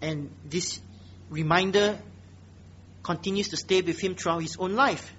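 A man preaching a sermon, emphatic, often dropping to low, quiet exhortation. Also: a little slow, slight background noise. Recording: dull lo-fi sound.

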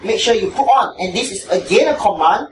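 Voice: mid-range voice, expressive, a little fast. A preacher with a Singaporean English accent giving an emphatic sermon, repeating key phrases for stress. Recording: echoey room, distant mic, background noise.

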